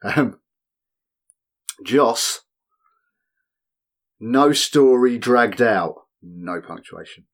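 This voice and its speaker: Dry-witted podcast host. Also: male voice, mid-range voice, expressive, drawn-out words, pauses often. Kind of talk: casual chat.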